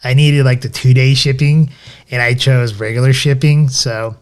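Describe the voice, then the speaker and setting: A man's voice: mid-range voice, steady tone, normal speed, clear, resonant tone. A man co-hosting a podcast, chatting casually with many fillers and restarts as he reviews a restaurant. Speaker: podcast co-host.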